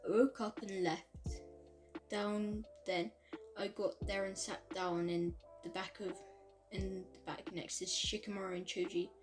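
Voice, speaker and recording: A woman reading a fan-made story aloud in a casual way, stumbling over words and correcting herself. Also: mid-range voice. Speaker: reader of fan fiction.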